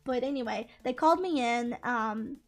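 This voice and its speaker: A high-pitched young woman chats through a personal story, animated and quick to laugh, swearing without a second thought. Faint music plays softly behind her. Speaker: gaming channel creator. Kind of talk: casual storytelling chat.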